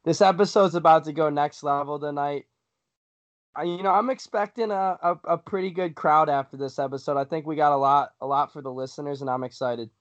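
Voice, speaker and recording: A young man hosts a casual sports podcast with hyped energy and quick laughs. His voice sits a bit high for a man. The recording sounds dull and lo-fi. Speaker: podcast host.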